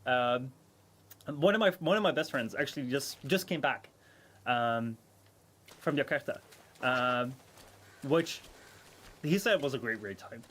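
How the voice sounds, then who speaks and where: This man's medium-pitched, fairly bright voice moves a little slowly, with long pauses. He's a native Dutch speaker from the Netherlands whose accent drifts toward American, and he rambles casually to viewers during a game stream, restarting often and using plenty of fillers.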